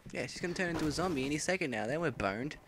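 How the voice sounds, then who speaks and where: A man's voice: fairly high pitch, lively intonation, rapid-fire, a bit bright, a little hiss or hum. A man commentating a horror game playthrough, jumpy and panicky, swearing and exclaiming often. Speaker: gameplay commentator. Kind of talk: let's play commentary.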